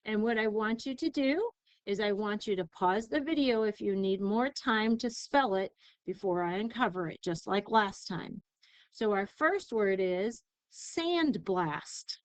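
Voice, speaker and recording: A woman teacher giving a recorded spelling lesson, sounding out syllables slowly and carefully. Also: on the high side, dry recording, low-quality recording. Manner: slow, careful enunciation of syllables.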